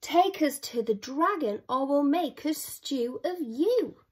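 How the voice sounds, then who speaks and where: A woman voicing a bold, bossy Viking in a children's story, blunt and loud. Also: high-pitched, expressive, slow, pitched above the performer's own voice. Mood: demanding.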